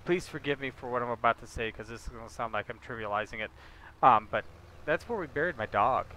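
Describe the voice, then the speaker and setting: A man's voice: medium pitch, fast, bright, forceful tone, slight background noise. A man chatting casually with his viewers while livestreaming a game, joking and talking to them by name. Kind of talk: casual gameplay livestream chat.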